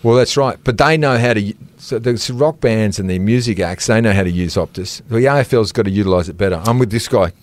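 A middle-aged Australian man co-hosting a sports podcast, trading jokes and quick banter. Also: on the low side. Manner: joking, quick banter, laughs easily. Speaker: podcast co-host. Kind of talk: casual sports chat.

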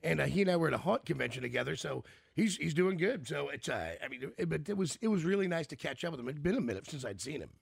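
Gravelly, lively radio host. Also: male voice, fairly high pitch, fast, few pauses, dry recording, studio quality. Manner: enthusiastic, heaps on praise. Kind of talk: casual chat.

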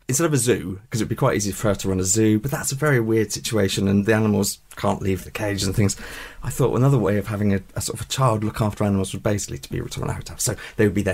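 A man's voice: fairly low pitch, a little mellow. A man being interviewed as a guest author, explaining his ideas in rambling, self-correcting sentences. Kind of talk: radio interview.

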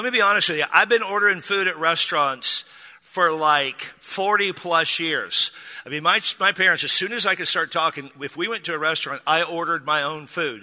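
A middle-aged man from Texas preaches with a very bright, forceful tone and a slightly raised voice. He tells stories in an animated, self-deprecating way with jokey asides. His voice rings in the long reverb of a church hall. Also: a little high. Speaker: pastor. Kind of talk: sermon with humorous storytelling.

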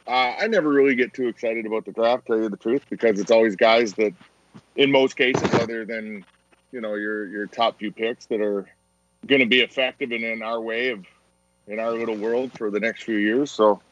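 A man's voice: lowish voice, steady tone, normal speed, a bit bright. A man calling into a sports talk radio show from his home by phone, blunt and teasing. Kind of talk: casual sports radio chat. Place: upstairs room at home. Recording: muffled phone line.

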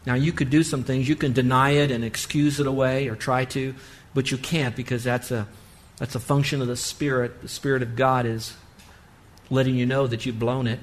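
A man's voice: medium pitch, little pitch movement, moderate pace. A man preaching as a pastor, leading an earnest altar call that rises to fervent exhortation. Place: church sanctuary.

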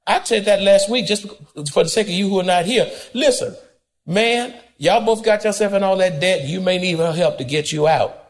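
A man preaching a sermon as pastor, folksy and direct with the congregation, swinging between high and low and sometimes shouting. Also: normal speed.

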